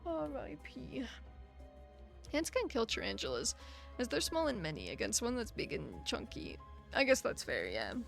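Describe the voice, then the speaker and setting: A woman's voice: medium pitch, wildly swooping pitch, normal speed, gravelly, faint music behind. A young woman streaming live, chatting casually with her chat in a sympathetic, filler-heavy way, a little tired and out of breath. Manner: chatty, sympathetic, frequent fillers and soft laughs.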